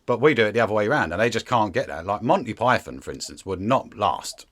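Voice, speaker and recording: A man's voice: fairly low pitch, lively intonation, quick pace, fairly bright tone. A man hosting a casual interview, chatty and rambling, often dropping to a mutter. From Britain. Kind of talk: casual conversation.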